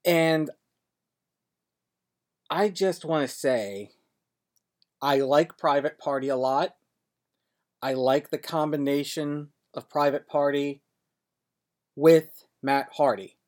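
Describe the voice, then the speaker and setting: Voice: medium pitch, fairly even intonation, slow pace, long pauses, darkish tone. A podcast co-host chatting casually about wrestling in a wry, sarcastic way, with stumbling restarts. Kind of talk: casual chat recapping wrestling.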